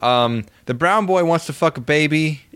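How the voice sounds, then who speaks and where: A man's voice: a little high, moderate pace, a bit bright, clean tone. Man ranting crudely about movies. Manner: crude, mocking, rambling rants. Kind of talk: casual movie chat.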